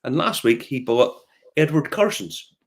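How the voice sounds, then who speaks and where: A man's voice: mid-range voice, unhurried. A man with a Northern Irish accent, a whiskey shop tour guide telling stories in casual chat, swearing freely. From Northern Ireland. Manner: animated storyteller, swears freely, acts out customers' voices.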